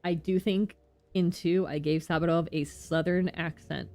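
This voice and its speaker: A woman's voice: on the low side, moderate pace. A woman streamer chatting playfully while she plays a game. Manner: playful, animated. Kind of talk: casual gameplay commentary. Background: faint game music.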